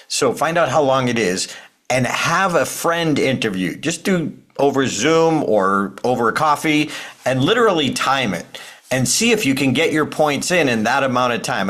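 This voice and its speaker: A man's voice: mid-range voice, a bit bright. A man with a mid-range voice co-hosts a casual podcast. He asks his guest questions and adds his own practical tips in a friendly way. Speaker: podcast co-host.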